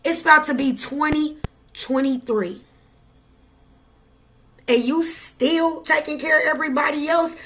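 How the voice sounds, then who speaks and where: A woman's voice: high voice, steady tone, measured pace, long pauses, fairly bright tone. A woman vlogging to camera, giving a raw, preachy pep talk straight to the viewer. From Midwest United States. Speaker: tarot reader vlogger. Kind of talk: casual motivational talk to camera.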